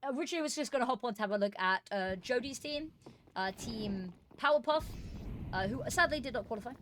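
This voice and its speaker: A woman's voice: on the high side, expressive, quick pace, a bit bright, a little hiss or hum. A woman casting an esports qualifier on a live stream, chatting casually and rambling with fillers and self-deprecating asides.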